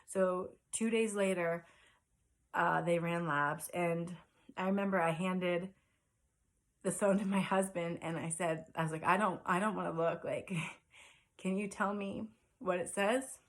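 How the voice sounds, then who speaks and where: A woman speaks in a lower register than most women, telling her own story to the camera. She talks in an earnest, halting way, with many fillers and restarts, and sounds close to tears at times. It is casual personal storytelling, not a scripted read. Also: fairly even intonation. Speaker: vlogger sharing a personal story.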